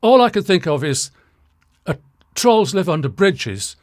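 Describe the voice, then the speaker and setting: A man's voice: high voice, big pitch swings, unhurried, no echo. Wry chuckling older man. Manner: wry, chuckling, dry humor. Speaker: channel host reading viewer comments. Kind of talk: casual talking-head commentary. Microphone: shotgun mic.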